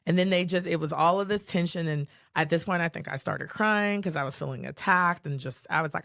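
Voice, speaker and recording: A podcast co-host telling a personal story in a lively way, acting out the quoted lines. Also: medium pitch, a little fast, creaky, few pauses, no room sound, clean studio sound. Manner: animated storyteller who acts out quotes, with many fillers.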